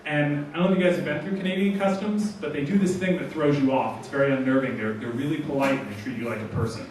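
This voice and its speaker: A man tells stand-up stories as a guest comedian, his voice a little high and full of quick joking asides. He sounds distant from the microphone, carried by a strongly echoing hall. A faint hiss sits underneath. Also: fairly bright tone. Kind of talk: stand-up storytelling. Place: large hall. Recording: echoey hall, mic from far off.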